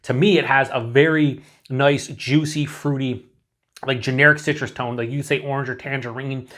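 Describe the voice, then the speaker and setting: A man talks through a beer review on his own, loose and rambling. He trips over words, circles back and throws in the odd swear word. His voice sits at an ordinary middle pitch. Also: fairly even intonation, normal speed, a bit bright. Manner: rambling, enthusiastic, frequent "like" and restarts, swears casually. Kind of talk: casual solo review.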